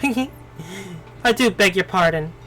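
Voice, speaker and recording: A coy, teasing fox spirit woman, read aloud by a man. The voice is high and leisurely, with faint music behind it. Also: expressive, slow pace, sharp tone, heavily acted, low-quality recording.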